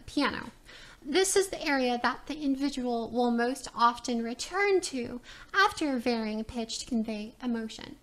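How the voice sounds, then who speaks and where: A woman voice teacher giving a recorded lecture presentation, explaining step by step and checking in with "all right" and "right?". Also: fairly high pitch.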